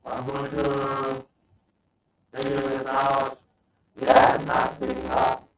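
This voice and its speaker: A man's voice: mid-range voice, completely flat delivery, slow pace. A man hosting a casual live stream, joking around and reading silly tweets aloud while apologizing for his bad audio. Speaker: host. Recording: roomy, muffled, distant home-stream mic with faint background noise.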